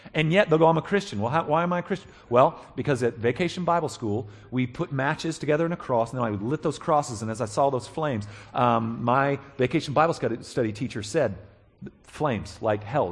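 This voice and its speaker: A male pastor with a somewhat high, slightly rough voice preaches an animated, conversational sermon, checking in with his listeners and acting out the voices of people he quotes.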